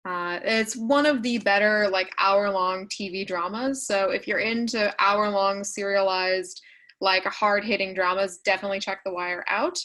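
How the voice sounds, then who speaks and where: A woman teaching a writing workshop over a video call, explaining in a casual, chatty way with many fillers and quick asides. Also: mid-range voice, fairly even intonation, pushed and bright, poor audio. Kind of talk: online class walkthrough.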